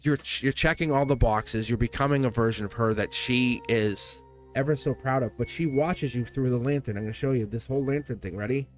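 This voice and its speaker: Male tarot reader, mid pitch, earnest and comforting, loose and rambling, faint music bed. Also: brisk. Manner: earnest, reassuring, rambling with restarts. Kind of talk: live tarot reading.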